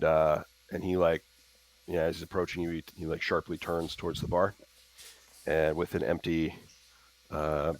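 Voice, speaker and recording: Hesitant male tabletop player, low voice, halting delivery. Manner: hesitant, many fillers. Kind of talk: tabletop role-play.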